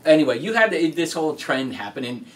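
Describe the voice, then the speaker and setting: A man's voice: on the high side, big pitch swings, quick pace. Laid-back male host, slightly distant. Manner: laid-back, chatty, slangy. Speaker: podcast host. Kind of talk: casual interview chat. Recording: distant mic with faint noise.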